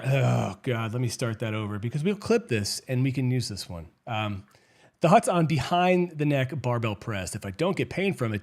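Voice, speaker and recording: A man's voice: medium pitch, darkish tone. A man co-hosting a live podcast, talking in a casual, chatty, self-deprecating way with lots of fillers. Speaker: podcast co-host. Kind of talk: casual chat. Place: live-stream studio.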